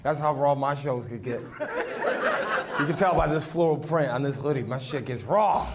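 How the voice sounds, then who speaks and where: Crude high-voiced stand-up comic. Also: male voice, lively intonation, measured pace. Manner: crude, self-deprecating, teasing the audience. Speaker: stand-up comedian. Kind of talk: stand-up set with crowd work. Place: small live comedy venue. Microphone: handheld microphone. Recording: noisy live room recording.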